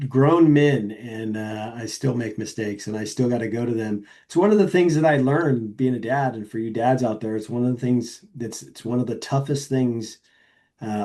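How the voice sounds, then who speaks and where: A middle-aged man appears as a podcast guest in a casual chat, speaking in a low-leaning, warm voice. He's earnest and reflective but halting, with many fillers and restarts.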